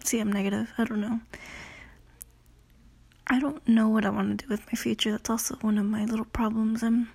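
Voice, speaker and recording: Breathy, rambling teenage girl podcaster. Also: on the high side, little pitch movement, fairly quick, warm tone. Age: late teens. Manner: rambling, self-conscious, swears often; frequent "you know" and "I don't know". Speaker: podcast host. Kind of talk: casual solo podcast talk.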